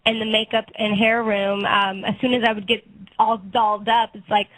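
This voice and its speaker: A woman's voice: medium pitch, level tone, moderate pace, fairly bright tone, no room sound, poor audio. A woman in her twenties, a guest actress and singer, chatting casually in an interview and laughing often between phrases.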